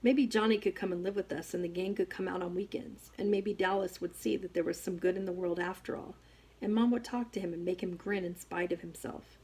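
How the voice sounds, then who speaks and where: A woman reading a first-person novel aloud as an audiobook, with expressive storytelling. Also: on the low side, brisk, breathy edge. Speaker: audiobook reader.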